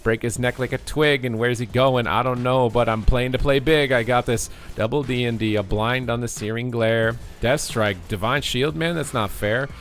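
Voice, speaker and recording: A man's voice: medium pitch, normal speed, few pauses, soft background music. A man rapping playful rhyming commentary over his own game match. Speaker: gamer streamer.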